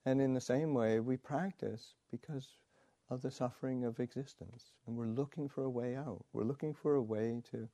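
A man's voice: mid-range voice, steady tone, normal speed, few pauses, mellow, dry recording, lightly acted. A man voicing an older male meditation teacher, patient and earnest, explaining simply.

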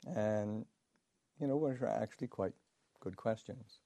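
A Buddhist monk, a man, telling a teaching story in a halting way, full of fillers and restarts, with soft chuckles. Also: fairly low pitch, creaky, dry recording. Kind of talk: storytelling dharma talk.

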